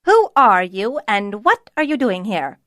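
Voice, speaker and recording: A woman's voice: on the high side, very animated, normal speed, no echo, studio quality. A woman voicing a brusque, busy female kitchen cook who scolds sharply and gets flustered. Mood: scolding.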